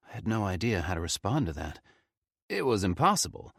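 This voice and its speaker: A man reading a horror story aloud with expressive, tense storytelling. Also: deep voice, brisk, slightly rough, dry recording, clean studio sound. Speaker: audiobook narrator. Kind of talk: scripted horror narration.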